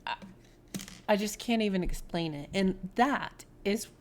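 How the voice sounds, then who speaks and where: Slow, heartfelt woman tarot reader. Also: medium pitch. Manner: earnest, heartfelt, drops into soft whispers. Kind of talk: spiritual tarot reading, personal storytelling.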